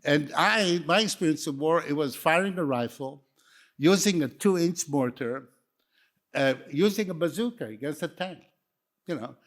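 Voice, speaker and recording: A man's voice: on the high side, lively intonation, moderate pace. An older man, not a native English speaker, giving a wry, anecdotal talk that wanders from story to story. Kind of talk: lecture talk.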